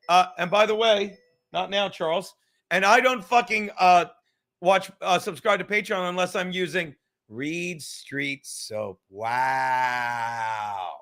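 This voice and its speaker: A man with a fairly high, bright and forceful voice hosts a livestream podcast. He is casual, rambling and profane, reading chat comments aloud as he goes.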